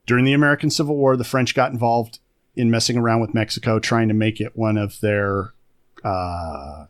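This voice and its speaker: A man's voice: fairly low pitch, normal speed. A man co-hosting a podcast in casual chat, rambling and chatty, with many fillers and restarts. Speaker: podcast co-host.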